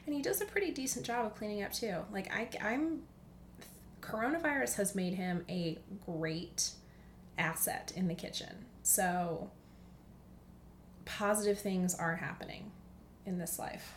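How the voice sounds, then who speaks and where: A woman's voice: medium pitch, unhurried, a little hiss or hum. A young woman hosting a casual podcast monologue from home, chatty, dropping into whispers for asides. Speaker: podcast host.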